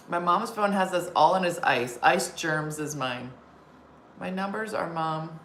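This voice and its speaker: A woman's voice: fairly low pitch, fairly bright tone. A woman comedian hosting a casual live-stream chat, telling stories and reading viewer comments aloud. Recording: roomy sound with faint background noise.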